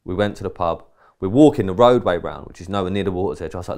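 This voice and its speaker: This English podcast co-host has a very deep, low-pitched voice, talks fast and sounds a little mellow. His story wanders casually, slipping into quoted dialogue with the odd swear word.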